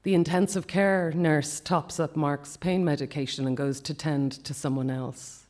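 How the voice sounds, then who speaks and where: A man reading a personal account aloud at a festival talk, quiet and measured, often dropping to a hush. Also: fairly high pitch, steady tone. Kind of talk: reading a memoir piece aloud.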